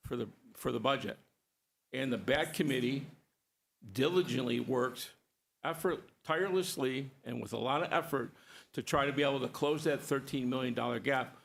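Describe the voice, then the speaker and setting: A man's voice: mid-range voice, gravelly, a bit bright. A man on a school board arguing his point at a public meeting, emphatic and repetitive, stacking points one after another.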